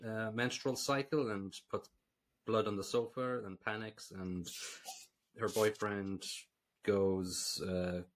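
A very low-voiced Irish man chats casually on a film podcast. He recaps scenes at length and gives blunt, dismissive verdicts. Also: fairly even intonation, slow pace. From Ireland. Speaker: podcast co-host. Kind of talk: casual film review chat.

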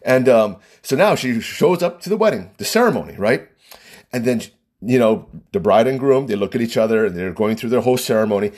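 Man, wedding photographer, husky voice, very lively pitch, rambling storyteller who laughs a lot. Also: a little fast. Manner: rambling, animated, laughs often, many fillers. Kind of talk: casual anecdote telling.

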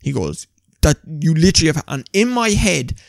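Young Irish podcast host, animated storyteller with a fairly high, gravelly voice; dry close mic. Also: male voice, normal speed, no echo. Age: young adult. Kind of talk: casual storytelling chat.

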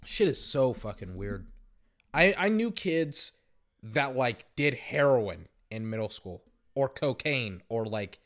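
Young male podcast host, casual storytelling, heavy swearing, loose rambling delivery, mid pitch. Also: sing-song, slow, a bit bright. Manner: profane, rambling, many fillers. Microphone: podcast microphone.

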